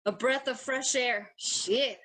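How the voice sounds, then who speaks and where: A woman's voice: a little high, takes it slowly, bright, forceful tone. A woman co-hosting a podcast in casual chat, laughing often and swearing freely. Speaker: podcast co-host.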